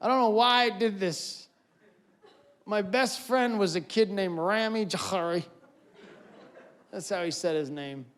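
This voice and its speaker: A man performing stand-up comedy on a stage, animated and acting out scenes. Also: high voice, a little slow, long pauses. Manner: animated, acts out voices and scenes. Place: auditorium stage before a live audience.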